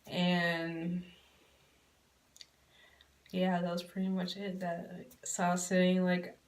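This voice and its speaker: A woman's voice: fairly low pitch, completely flat delivery, slow, far from the mic. A woman vlogger telling a personal story in a rambling, heartfelt and candid way. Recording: roomy sound from away from the mic.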